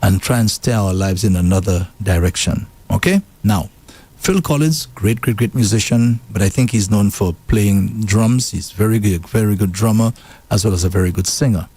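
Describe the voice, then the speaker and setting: Man, radio co-host, dark mellow tone, low voice, casual studio chat. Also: moderate pace, slightly rough. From Saint Lucia. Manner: animated storytelling with pitch jumps.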